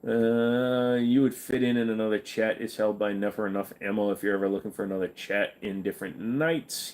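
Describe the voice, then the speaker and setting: A man hosting a casual livestream, reading viewer questions and answering them in a relaxed, chatty way. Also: lowish voice. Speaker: livestream host reading chat.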